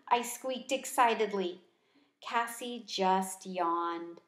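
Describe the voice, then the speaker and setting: A woman reading a children's book aloud in a gentle, expressive storyteller voice. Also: medium pitch, takes it slowly. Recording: echoey room.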